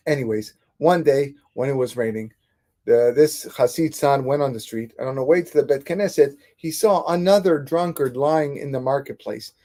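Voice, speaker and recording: A man teaching a Torah class as a rabbi, retelling stories in an animated way with frequent restarts. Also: a little high.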